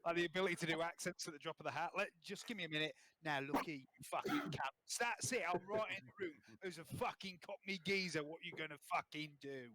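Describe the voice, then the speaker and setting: A man's voice: on the high side, fast talker, few pauses, noisy background. A man joking around at a tabletop game, chatty and sweary. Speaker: player and fellow game master. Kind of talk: casual banter at the gaming table.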